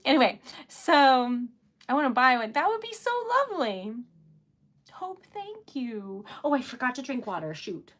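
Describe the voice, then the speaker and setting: A woman's voice: high-pitched, sing-song, normal speed, a bit bright. Bubbly giggly woman livestreaming crafts. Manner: bubbly, giggly, chatty, self-described emotional. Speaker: livestream host making wax seal crafts. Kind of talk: casual livestream chat.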